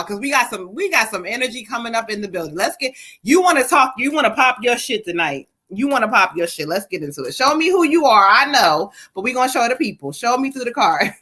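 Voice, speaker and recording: A woman tarot reader on a live stream, speaking in a bright, slightly high voice. She giggles often and swears casually while she passes along messages. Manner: giggly, animated, swears freely. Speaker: psychic reader. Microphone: webcam or phone on a live stream.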